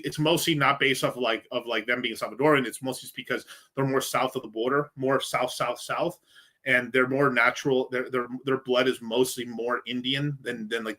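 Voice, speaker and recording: A man's voice: mid-range voice, bright, forceful tone. A man from the United States, a crypto livestreamer, ranting casually with lots of swearing, rambling and frequent laughter. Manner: profane, rambling, laughs often.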